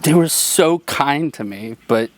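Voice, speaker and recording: A man's voice: on the high side, a little slow. A young man from western Pennsylvania, a podcast guest, telling a story in casual chat with lots of laughter and swearing. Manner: animated storyteller, laughs often, swears freely. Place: outdoors around a campfire at night.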